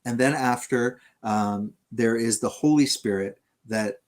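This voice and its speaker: Man debater, mid-pitched, hesitant, fills pauses with "uh" and circles back to restart thoughts. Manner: halting, many fillers and restarts. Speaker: debater on Christian theology. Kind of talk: conversational debate.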